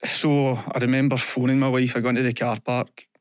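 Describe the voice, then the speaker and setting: A young Scottish podcast guest speaks earnestly but haltingly during a candid interview, retelling what happened and repeating other people's words. The audio is smooth, close, and dry with no room sound, and his pitch holds fairly even.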